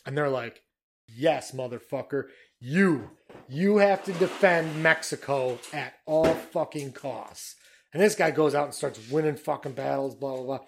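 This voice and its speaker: A man's voice: medium pitch, a little slow, gravelly. A man rambling through a casual history chat, swearing and filling with "like" and "you know.". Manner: rambling, profane, filler-heavy.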